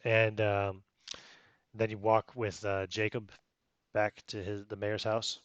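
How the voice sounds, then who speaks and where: A man's voice: fairly low pitch, flat delivery, slow, clean tone, dry recording, highs cut off. A man running a tabletop role-playing game for friends, talking casually, laughing often and stumbling over the math. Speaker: game master.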